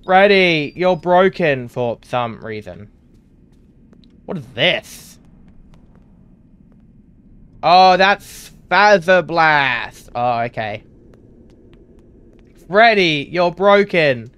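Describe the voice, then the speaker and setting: Slow-talking sarcastic man gaming. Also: a little high, animated, clean tone, muffled recording. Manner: sarcastic, swearing, yells at game characters. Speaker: gaming YouTuber. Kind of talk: casual gameplay commentary.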